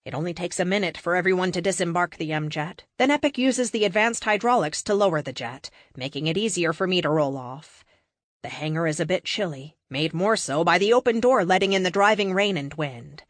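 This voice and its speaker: A woman reads a first-person audiobook with expressive storytelling and a lively, moving pitch. The sound is close and dry, recorded in a booth. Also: fairly quick, dry recording. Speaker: audiobook narrator.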